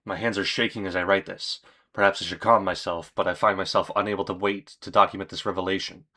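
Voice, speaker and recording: A man reading as a grim, weary man writing a confession journal, in a solemn, measured way. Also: sits low, fairly even intonation, sharp tone, exaggerated voice.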